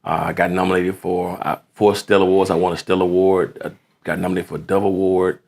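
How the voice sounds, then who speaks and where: A man who is a pastor, speaking as a guest in a relaxed interview, with earnest phrasing like a sermon. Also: sits low, quick pace, vocal fry. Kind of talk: casual interview chat.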